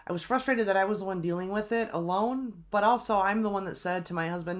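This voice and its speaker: A middle-aged woman hosting her own show, telling a story in a casual, animated and exasperated way, with many ums and restarts. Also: medium pitch, quick pace, hardly any pauses. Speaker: host.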